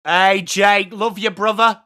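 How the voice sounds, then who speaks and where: A man with an English accent giving live football reaction commentary as a watchalong streamer, blunt and excitable, swearing and greeting his chat by name. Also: high-pitched, slow pace. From England.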